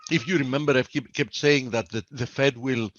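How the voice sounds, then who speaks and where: A man's voice: mid-range voice, steady tone, brisk, fairly bright tone, no echo. A man from Greece, talking markets bluntly and with firm opinions on a video call. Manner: blunt, opinionated, self-assured. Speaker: market analyst on a trading webinar. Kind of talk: casual market chat. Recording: dull, dry video-call audio.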